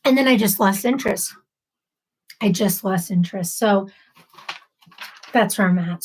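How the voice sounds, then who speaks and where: A woman's voice: mid-range voice, animated, moderate pace, long pauses, rough recording. A woman in her thirties chatting casually with viewers on a livestream, apologetic and self-deprecating. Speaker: livestream host.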